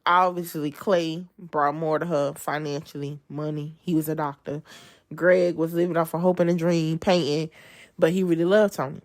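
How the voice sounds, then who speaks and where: A woman gives an amped-up devotional testimony. She talks casually to her listeners as y'all and swings between loud emphasis and soft asides. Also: sits low, fairly even intonation, moderate pace. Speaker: speaker giving a devotional testimony. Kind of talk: preachy devotional talk.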